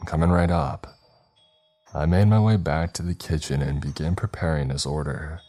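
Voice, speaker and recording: A man steadily narrating a first-person horror story in a measured, scripted style. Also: a bass voice, dark tone.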